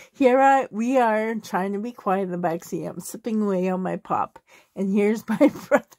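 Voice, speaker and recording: A woman's voice: mid-range voice, darkish tone, no room sound, studio quality. A woman in her forties from Canada, casually telling family stories in a rambling way and laughing through them. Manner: loose and rambling, many fillers. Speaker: vlogger answering a tag video. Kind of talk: casual storytelling.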